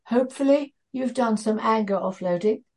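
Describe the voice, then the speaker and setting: Husky woman trainer thinking aloud. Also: fairly high pitch, moderate pace, darkish tone. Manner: hesitant, restarts, thinking aloud. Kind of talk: training session discussion.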